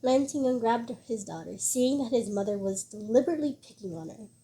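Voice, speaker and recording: A woman reading a web novel aloud in a steady storytelling voice, with a few small restarts. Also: fairly high pitch, brisk. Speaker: audiobook reader.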